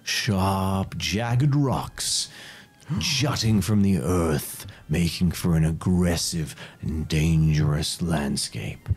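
An Australian man running a tabletop game as game master, relaxed and chatty, slowing down for dramatic narration. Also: sits low, husky.

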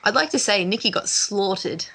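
A woman's voice: mid-range voice, expressive, normal speed, fairly bright tone, breathy edge. An Australian woman chatting as a podcast guest, a chatty storyteller who laughs easily. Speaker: guest, wrestler. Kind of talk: casual podcast chat.

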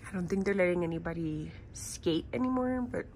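A woman's voice: on the low side, animated, fairly quick, darkish tone, slight background noise, low-quality recording. Chatty young woman vlogging. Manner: chatty, bubbly, full of "like" and "um". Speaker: travel vlogger. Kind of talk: casual vlog chat.

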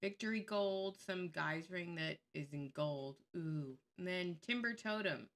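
Woman commentator, sharp and bright tone, sarcastic and fired-up casual delivery. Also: on the low side, unhurried. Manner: blunt, sarcastic, openly angry; swears freely. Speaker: YouTube commentator. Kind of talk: casual screen-share commentary.

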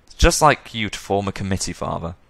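A man's voice: deep voice, lively intonation, fairly quick, fairly bright tone, no room sound. A man voicing a frightened, shaken young woman, the daughter of a wealthy man. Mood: bitter. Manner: shaken, pleading.

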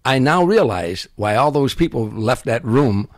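An older man, a comedian guest, telling animated anecdotes and acting out other people's voices and sound effects. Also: medium pitch, a little slow, dry recording, studio quality.

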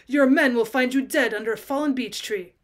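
A woman's voice: high voice, fairly quick, natural voice. A woman reading the part of a bitter, menacing poacher pinned in a forest, in a voice close to her own. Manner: quiet and menacing. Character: bitter trapped forest poacher, grim man.

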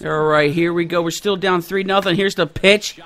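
A young man giving loud, excited commentary on a baseball video game, shouting at the big plays. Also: sits high, moderate pace. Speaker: gaming YouTuber.

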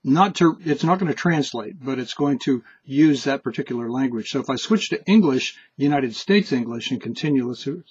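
A man's voice: mid-range voice, animated, normal speed, few pauses, breathy edge, lo-fi sound. A man hosting a screen-recorded app tutorial, explaining in a casual, chatty way with some restarts. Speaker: tutorial host.

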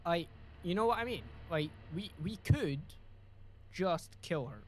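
Brief: Scottish gaming streamer, fairly high voice, loose joking asides. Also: male voice, expressive, measured pace, slight background noise. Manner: sweary, joking, rambling asides. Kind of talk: casual gameplay commentary.

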